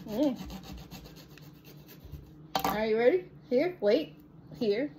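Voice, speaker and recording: A woman with a high, lively voice talks slowly and playfully as she guides her small son through a recipe. Her coaxing has an easy, teasing warmth to it. The home recording carries a clear layer of background noise. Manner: playful, coaxing, giggly encouragement. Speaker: mother cooking with her young son. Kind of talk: casual home cooking vlog.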